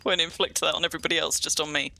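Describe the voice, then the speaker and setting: A woman's voice: sits low, steady tone, very fast, vocal fry, sharp tone, slight background noise. A woman hosting a casual livestream chat, rambling through explanations and laughing often. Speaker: streamer and host.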